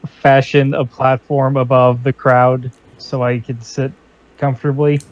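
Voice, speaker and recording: A man's voice: mid-range voice, little pitch movement, unhurried, no echo. A man playing in a casual tabletop role-playing session, laid-back and chuckling. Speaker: player. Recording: dull lo-fi mic.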